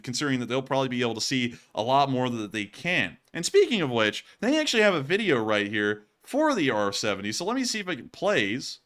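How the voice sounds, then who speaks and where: A man hosting casual commentary on war footage, joking and excitable and quick to laugh. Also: mid-range voice. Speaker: host.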